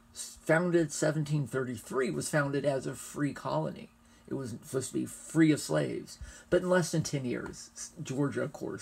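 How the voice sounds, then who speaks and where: Husky, gravelly male history lecturer. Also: medium pitch, darkish tone. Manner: explanatory, loose and chatty. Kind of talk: conversational classroom lecture.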